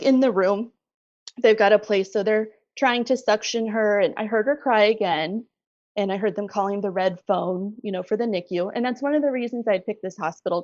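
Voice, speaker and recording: A middle-aged woman telling her story as a podcast guest, animated and laughing often. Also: mid-range voice, no room sound, lo-fi sound. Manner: animated retelling, laughs often, acts out quoted voices. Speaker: guest, bereaved mother. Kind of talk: conversational storytelling.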